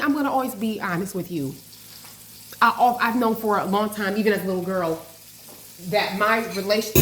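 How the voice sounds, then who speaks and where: A woman vlogging casually while cooking, nervous and excitable, gasping and saying "oh gosh" often. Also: mid-range voice. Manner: chatty, nervous and excitable, lots of gasps and "oh gosh". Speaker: health and life coach, vlogger. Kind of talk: casual home cooking vlog. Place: home kitchen. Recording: echoey kitchen with faint frying noise.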